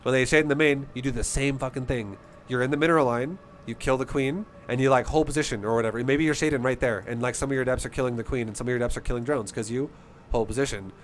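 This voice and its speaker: A man's voice: medium pitch, fairly even intonation, quick pace, a little hiss or hum. A man coaching a player through a game replay in a casual, blunt, profane and passionate way. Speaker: StarCraft coach.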